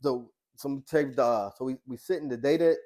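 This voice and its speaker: Earnest middle-aged man recounting a story. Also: medium pitch. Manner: colloquial, earnest, retells conversations in quoted dialogue; halting with restarts, softening to a hushed voice. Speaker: boxing coach and social worker, podcast guest. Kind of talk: emotional personal storytelling in a podcast interview.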